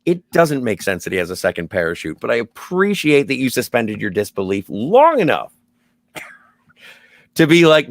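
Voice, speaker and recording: A man's voice: medium pitch, very animated, normal speed, gravelly, dry recording. A man co-hosting a podcast, talking about films in an enthusiastic, rambling way full of "like". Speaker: podcast co-host. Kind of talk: casual movie chat.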